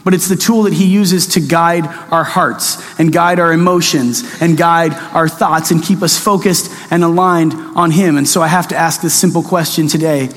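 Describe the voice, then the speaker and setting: A man preaching a casual sermon, telling stories with mock-excited asides. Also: a little high, moderate pace, hardly any pauses, in a large hall. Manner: conversational, animated storytelling with mock-excited asides. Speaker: pastor.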